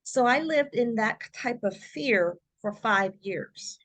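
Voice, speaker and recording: A middle-aged woman, a podcast guest, telling her personal story in a lively way and acting out what other people said. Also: fairly high pitch, slow. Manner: animated storyteller who acts out quoted voices.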